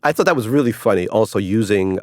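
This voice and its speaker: Man, middle-aged, wry, rambling, lively up-and-down pitch, dry close sound. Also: quick pace, dry recording. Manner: wry and rambling, mock voices for quotes, laughs often. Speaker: author interviewed about his cruise article. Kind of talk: casual interview conversation.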